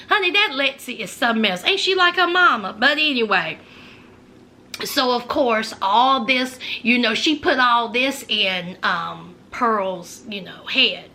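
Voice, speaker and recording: A woman casually recapping a TV episode, chatty and animated, peppering her talk with asides like "you know" and "honey.". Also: a little high, unhurried. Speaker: TV show reviewer.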